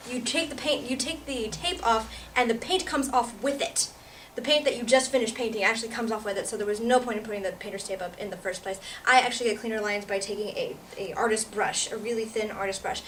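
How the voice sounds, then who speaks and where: Giggly ranting woman, high voice. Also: fairly bright tone. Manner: giggly, rambling, exasperated. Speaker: actor. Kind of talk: comedic rant monologue. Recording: distant mic, faint room noise.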